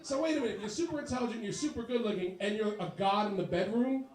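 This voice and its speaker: A man in his forties working a bar crowd with a profane, animated stand-up set. His voice sits very high for a man. The sound is echoey and distant, as if taken from across the room. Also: quick pace. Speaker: stand-up comedian. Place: bar comedy show.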